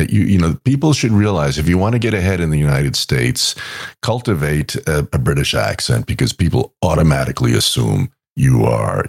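A man's voice: extremely low pitch, creaky, breathy edge. A man co-hosting a podcast, bantering wryly and reading listener messages aloud. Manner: wry, sarcastic banter. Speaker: podcast co-host.

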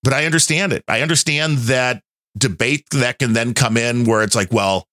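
A man's voice: medium pitch, moderate pace, sharp tone, no room sound, studio quality. A man hosting a podcast, chatting in a rambling, conversational way. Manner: rambling, conversational, many fillers. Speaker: podcast host. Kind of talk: casual chat.

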